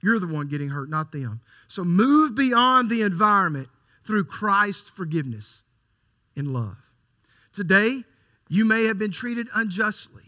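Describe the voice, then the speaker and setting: A man preaching a sermon, emphatic, repeating key lines for stress and swinging from quiet to loud. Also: sits high.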